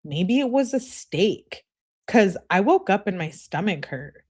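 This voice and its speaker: A woman's voice: medium pitch, sing-song, a little slow, a little mellow, husky. A woman reading out the blunt, dismissive texts of a young man. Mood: curt. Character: curt young man, the boyfriend.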